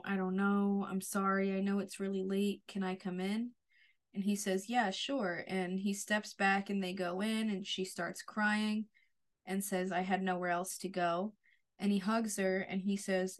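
A woman co-hosting a podcast, chatting casually about a TV episode in a relaxed, agreeable way with lots of fillers. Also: medium pitch. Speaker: podcast co-host. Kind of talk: casual TV recap chat.

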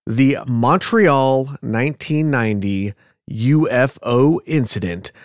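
A man co-hosts a casual podcast, first reading announcements and then chatting loosely with his partner. He sounds animated yet slow-paced in a mid-range voice, recorded dry with studio quality.

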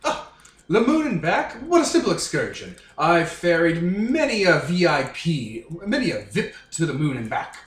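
A man's voice: on the high side, huge pitch swings, moderate pace. A man voicing a snooty, pompous ancient robot shuttle in a fake British accent, with grand formal phrasing. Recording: roomy recording, faint music.

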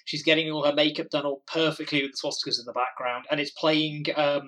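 A man with a bright, forceful voice, pitched a bit high, chats about a film. He makes his points with confidence and corrects his friends. The talk is casual. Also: steady tone, fast talker, poor audio. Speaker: podcast co-host. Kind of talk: casual movie chat.

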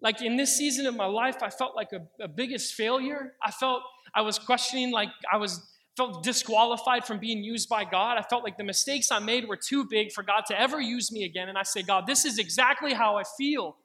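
Young male preacher, high and bright, earnest testimony, slows down for quoted prayers. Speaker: pastor. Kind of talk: sermon with personal testimony.

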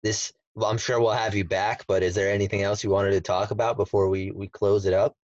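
Brief: young host, lowish voice, relaxed and halting, muffled dry mic. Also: male voice. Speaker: podcast host. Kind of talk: casual chat. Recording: dull, dry mic sound.

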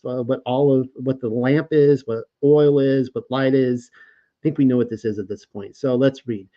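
A man hosting an informal Bible study, reading passages aloud and commenting in a casual, animated way with frequent restarts. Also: medium pitch. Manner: casual, animated, stumbles over names and restarts. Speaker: Bible teacher and show host. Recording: slightly dull lo-fi audio.

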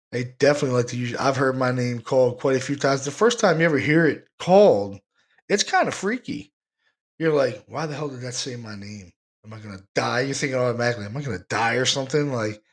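A man hosting a paranormal talk show, rambling in a casual, enthusiastic way and often repeating himself. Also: mid-range voice. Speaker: paranormal podcast host.

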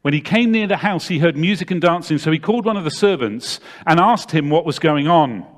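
A man preaching a sermon, retelling a story dramatically and swinging from loud to hushed. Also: fairly high pitch, expressive, a little fast.

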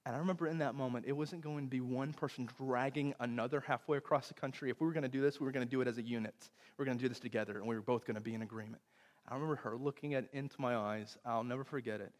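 A young man from Texas preaching a sermon, telling stories with big swings between loud bursts and hushed, tender moments. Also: medium pitch, fairly even intonation, racing. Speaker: pastor. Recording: long hall reverb.

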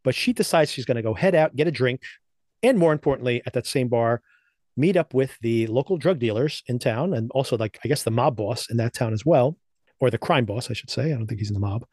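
In a dry recording, a podcast co-host with an expressive, slightly mellow mid-range voice moves briskly through recaps and reviews of TV episodes. His talk is loose and chatty, full of laughs and fillers.

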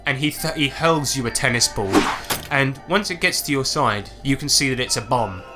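A man narrating a tabletop game as game master, playful and excitable. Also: mid-range voice, normal speed, over loud music.

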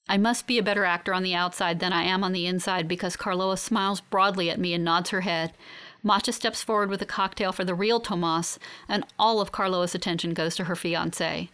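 A woman narrating a first-person audiobook in a measured, even way. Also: fairly low pitch, smooth.

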